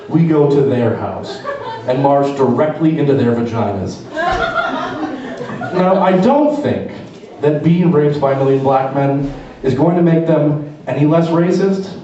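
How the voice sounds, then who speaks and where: A man's voice: a little high, lively intonation, unhurried, warm tone. A man doing a stand-up routine on a club stage, telling a story with lots of swearing. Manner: profane storytelling. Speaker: stand-up comedian. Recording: echoey, dull live club from far.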